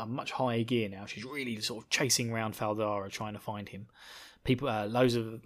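A man's voice: mid-range voice, fairly bright tone. A man casually recapping a book chapter, rambling and laughing often, slipping into silly voices for the characters. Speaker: book discussion podcaster.

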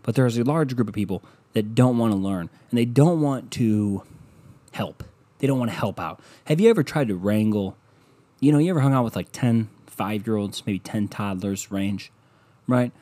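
Male podcast host, profane comic ranter, lowish, recorded dry. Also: moderate pace, dry recording. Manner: ranting, sarcastic, profane, with sudden loud bursts. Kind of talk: rambling comedic monologue.

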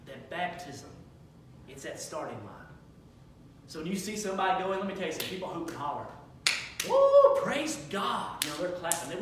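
A man in his thirties preaches a sermon, his voice high and bright. He moves from easy conversational talk to loud, shouted exhortation. The sound is distant and heavily echoing, with a faint hiss behind it. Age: 30s. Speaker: pastor. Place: church sanctuary.

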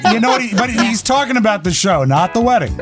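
A man's voice: high voice, animated, fast talker, over loud music. A man co-hosting a talk show, chatting casually and making wry jokes. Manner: joking and wry. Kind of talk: casual chat.

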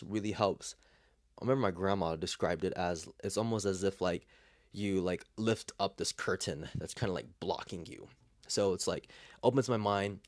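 Soft-spoken deep-voiced young man. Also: dry recording, clean studio sound. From Los Angeles area, US. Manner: reflective, emotional, many fillers and restarts, often drops to a soft near-whisper. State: emotional, tearing up. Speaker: vlogger telling a personal story. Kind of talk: casual personal storytelling.

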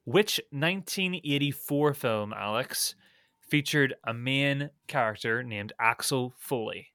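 Bright-voiced man reading quiz questions. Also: mid-range voice, unhurried, no echo, clean studio sound. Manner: reads questions and options with a playful lilt. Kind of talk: casual quiz podcast chat.

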